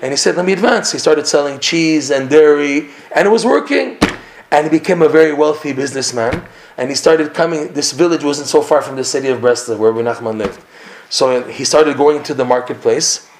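A man teaching a Torah class, telling a story with lively acted-out dialogue. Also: a little high, brisk, slight background noise. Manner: animated storyteller acting out the characters' lines. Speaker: religious teacher.

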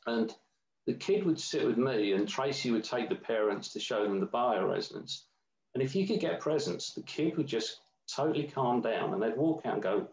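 A man's voice: medium pitch, moderate pace, a little mellow, reverberant, muffled recording. A man in a casual conversation, telling a long meandering story with many restarts. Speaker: guest.

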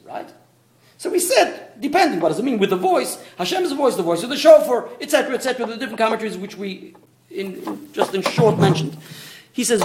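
A rabbi leads a small Torah class in an echoey room. His voice sits high for a man and swings widely in pitch as he explains. He often restarts and tosses in asides. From Australia. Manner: animated, stop-start explaining with many restarts and asides.

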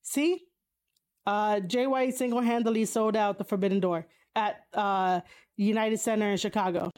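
A woman in a casual, opinionated chat, reading viewers' comments aloud and answering them. She swears bluntly, uses a lot of fillers and laughs often, with sudden high-pitched exclamations. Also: fairly even intonation, normal speed, a little mellow. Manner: blunt and profane, frequent fillers.

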